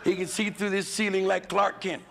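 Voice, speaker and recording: A middle-aged man doing a raunchy stand-up routine on a comedy club stage with a handheld mic, drawling and swinging into loud shouted voices. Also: high-pitched, little pitch movement, fairly quick, gravelly. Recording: loud hiss on an old live club recording.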